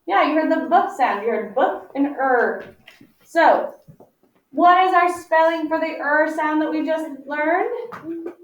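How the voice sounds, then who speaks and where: High-voiced woman teacher, echoey and distant. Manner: patient, encouraging, drawn-out sounding out. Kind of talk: phonics lesson for young children. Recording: echoey, distant, muffled classroom audio.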